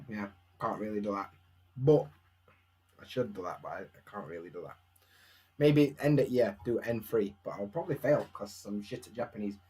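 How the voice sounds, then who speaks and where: A man's voice: on the low side, a little mellow. A young man with a Barnsley Yorkshire accent, chatting casually and self-mockingly at home on a live stream, answering viewers' questions.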